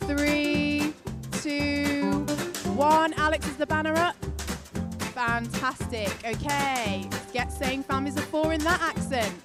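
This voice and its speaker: A woman's voice: sits high, fairly even intonation, takes it slowly, loud music behind the voice. A young woman hosting a children's church session online, chatty and upbeat with a slightly scattered delivery.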